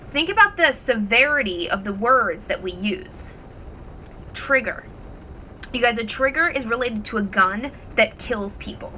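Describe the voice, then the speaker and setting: A woman vlogging at home, talking casually to the camera and telling stories in an expressive, animated way. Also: a little high, slight background noise, rough recording. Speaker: wellness vlogger. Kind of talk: casual talk to camera with storytelling.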